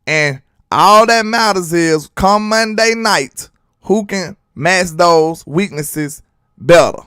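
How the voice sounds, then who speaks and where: A young man, hosting a fan sports commentary livestream, animated and preachy, firing off rhetorical questions. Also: high voice, slow, clear, resonant tone, no room sound, studio quality. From Alabama, US.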